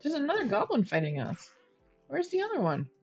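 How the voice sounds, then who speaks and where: A woman's voice: high-pitched, wildly swooping pitch, a little fast, highs cut off, soft background music. A woman streaming a game, chatting and thinking aloud as she plays and talks to her viewers. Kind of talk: live gameplay commentary.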